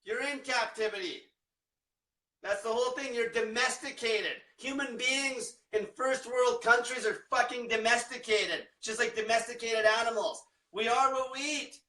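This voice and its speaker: A man's voice: extremely high pitch, moderate pace, sharp tone, distant mic. A man coaching viewers in a blunt, combative rant full of swearing. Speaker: diet coach. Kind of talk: profane motivational rant. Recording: echoey room, off-mic.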